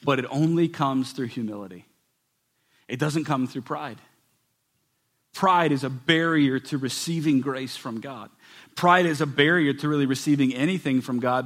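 A man preaching a sermon as pastor, swinging between loud emphatic passages and soft, hushed ones. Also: mid-range voice.

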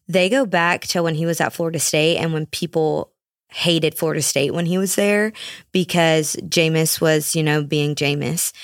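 A woman's voice: low-pitched, a bit bright, no room sound, studio quality. A young woman hosting a casual solo podcast, ranting with sarcastic, mocking asides. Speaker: podcast host.

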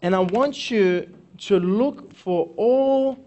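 A man's voice: high-pitched, slow, darkish tone, highs cut off. A male coach giving a live seminar talk to an audience, conversational, often checking in with the room and repeating phrases. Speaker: workshop speaker and coach.

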